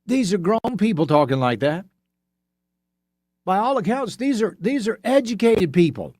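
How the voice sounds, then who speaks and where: A man hosting a talk radio show, delivering an opinionated monologue in a sarcastic, mocking way and sounding out letters slowly for effect. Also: high voice, sing-song, darkish tone, no room sound, studio quality. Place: radio studio. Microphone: studio microphone.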